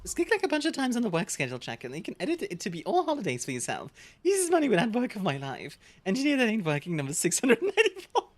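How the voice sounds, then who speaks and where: A woman streaming a strategy game, reading game text aloud and reacting in a casual, animated way while coughing now and then. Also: medium pitch, racing, hardly any pauses. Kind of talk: casual gameplay chat.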